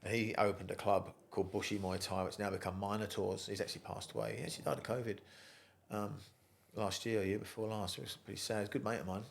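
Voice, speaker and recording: Fast-talking English man, mellowed accent. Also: fairly low pitch, fairly even intonation, vocal fry, a little hiss or hum. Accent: English, softened toward Australian. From England. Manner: chatty yarn-spinner, swears freely, laughs through stories. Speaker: guest, gym founder. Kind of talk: casual storytelling interview.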